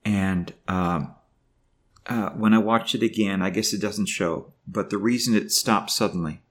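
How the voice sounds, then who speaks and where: Halting, emotional older man. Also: fairly low pitch. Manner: halting, emotional, many fillers and restarts. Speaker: vlogger. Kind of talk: personal video diary.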